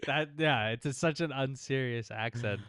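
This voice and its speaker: Podcast co-host dude talking sports, smooth clean voice, dry close mic, chill and chatty. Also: male voice, mid-range voice, moderate pace, a bit bright, no echo. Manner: laid-back, fillers and frequent "yeah" agreement. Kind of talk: casual sports chat.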